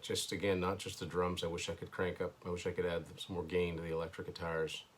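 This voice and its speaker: Low-voiced man musing over an album. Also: flat delivery, quick pace, a little hiss or hum. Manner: thinking aloud, hesitant, dry asides. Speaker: host. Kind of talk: casual first-listen album commentary. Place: indoors at home.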